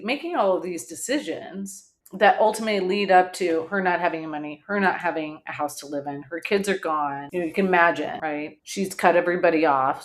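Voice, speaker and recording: Candid woman telling a dark family story. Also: lowish voice. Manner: candid, blunt, swears casually; dark humor with short laughs. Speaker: podcast host. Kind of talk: personal storytelling.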